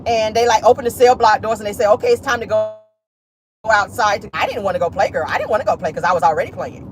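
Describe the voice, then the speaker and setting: A vlogger voicing a chattering, gossipy inmate in a high, sing-song voice, peppered with "girl" and "like.". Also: quick pace, natural voice. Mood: giddy. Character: jailed man turned girly and gossipy, chattering. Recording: noisy car interior.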